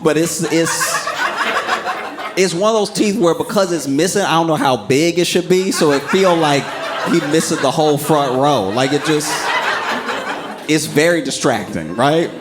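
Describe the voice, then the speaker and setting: A man's voice: a little high, heavy background noise. Young man telling a laughing stand-up story. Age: young adult. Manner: animated, laughing through his own story. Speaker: stand-up comedian.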